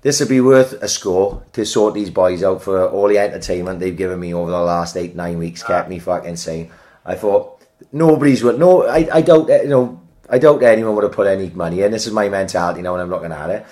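A man's voice: low-pitched, steady tone, a little fast, darkish tone. A man co-hosting a podcast, trading sweary banter in casual chat. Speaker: podcast co-host.

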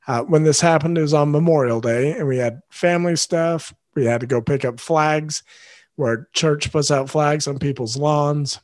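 A man's voice: fairly high pitch, normal speed, no echo. A man hosting a parenting podcast alone, talking earnestly and directly to his listeners. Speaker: father. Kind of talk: solo podcast monologue.

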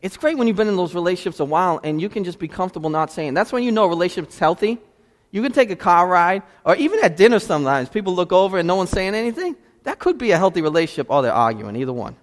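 A male pastor delivers a sermon in a church, his voice a touch higher than most men's. The sanctuary gives every phrase a long, lingering reverb. He moves between hushed, drawn-out moments and loud, animated bursts.

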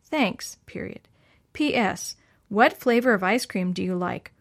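A woman's voice: mid-range voice, animated, unhurried, vocal fry. A woman voicing an earnest, thoughtful boy who speaks carefully.

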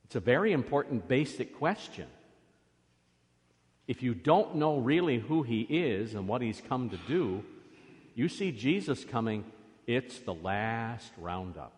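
A priest giving a children's sermon in a church, coaxing the children along with lively questions. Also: male voice, mid-range voice, a little slow. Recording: long reverb of a church.

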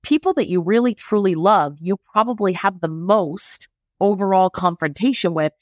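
A woman who leads a mortgage branch, speaking emphatically in a podcast discussion and firing off rapid questions. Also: medium pitch, no echo, studio quality.

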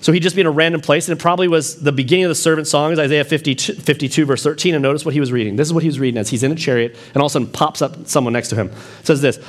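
A man preaching a sermon, reading scripture in a low, slow voice and rising when he presses a point. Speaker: pastor.

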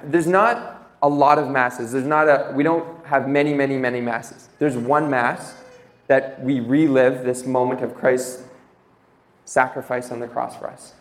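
A young man giving an informal religious talk to a group, earnest and reading scripture slowly and reflectively. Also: medium pitch. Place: room with an audience. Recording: echoey room.

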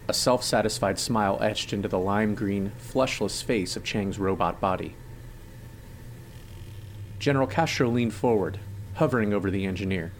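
A man narrating an audiobook in a steady, measured way. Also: on the low side, a little hiss or hum.

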